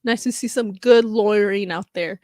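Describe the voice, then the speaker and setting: A woman's voice: mid-range voice, moderate pace, a little mellow. A woman giving casual, chatty commentary on a live stream, talking in emphatic asides.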